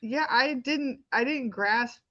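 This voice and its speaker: A woman's voice: fairly high pitch, takes it slowly, sharp tone, highs cut off. A woman co-hosting a podcast, chatting casually and bluntly about a film and swearing freely. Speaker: podcast co-host, film reviewer. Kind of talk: casual chat.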